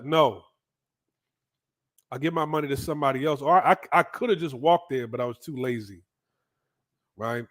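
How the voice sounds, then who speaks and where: A man from the United States casually telling a story in an animated, profane way, often checking in with the listener. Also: medium pitch, normal speed, pauses often. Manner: animated, profane, frequent "right?" asides. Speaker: vlogger.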